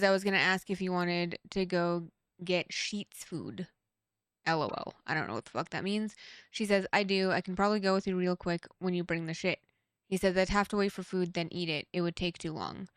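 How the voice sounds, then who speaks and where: A young woman hosting a true crime reaction video, reading text messages aloud in a flat run and breaking off for blunt, profane asides. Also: fairly low pitch, clear, resonant tone, dry recording, studio quality. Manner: reads texts flatly, blunt asides with swearing. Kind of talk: casual reading and commentary.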